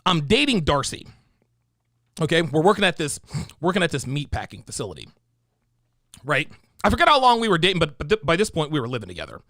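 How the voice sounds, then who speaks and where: A male livestream host giving profane, animated commentary on videos, reading out viewer donations and telling stories. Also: fairly high pitch, gravelly, no echo, clean studio sound.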